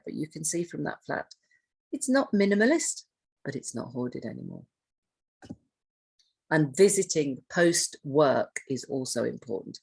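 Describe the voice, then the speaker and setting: A woman with a low, husky voice gives a training talk. She speaks conversationally, puts questions to her listeners and often starts a phrase over. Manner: conversational, asks the audience questions, restarts phrases. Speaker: trainer on hoarding and self-neglect. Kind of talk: training presentation.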